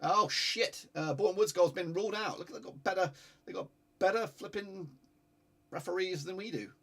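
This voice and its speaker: A man with a high voice streams a live football watch-along at a normal speed, reacting excitably and swearing. He keeps urging viewers to like and subscribe.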